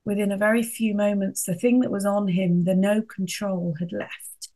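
A middle-aged woman giving an earnest devotional reflection, telling a personal story and softening her voice for emphasis. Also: mid-range voice, little pitch movement, normal speed. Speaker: speaker sharing a devotional reflection.

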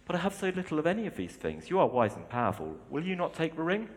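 A man's voice: on the high side, wildly swooping pitch, fast talker, pitched above the performer's own voice. A man voicing a timid, fretful male hobbit while reading a story aloud. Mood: pleading. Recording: long hall reverb.

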